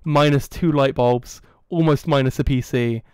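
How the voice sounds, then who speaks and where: A young man from England hosting a podcast, telling a story in a casual, animated way and acting out the quoted dialogue. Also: mid-range voice, normal speed, smooth, no room sound, studio quality. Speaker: podcast host.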